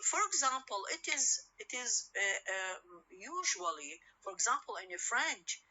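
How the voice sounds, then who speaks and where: Bright-voiced woman lecturing. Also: medium pitch, poor audio. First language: Arabic. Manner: switches between English and Arabic, frequent fillers and questions to students. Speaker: phonetics lecturer. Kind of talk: recorded university lecture.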